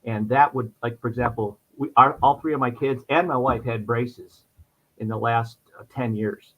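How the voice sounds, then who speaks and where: A middle-aged man talks on and on as a podcast guest, circling back and restarting his thoughts. His voice sits at an ordinary pitch for a man. The recording sounds muffled and lo-fi. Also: steady tone, normal speed, a little hiss or hum. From New York. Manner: talkative, rambling, restarts a lot. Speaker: insurance agent, podcast guest. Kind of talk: casual interview chat. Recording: dull lo-fi sound.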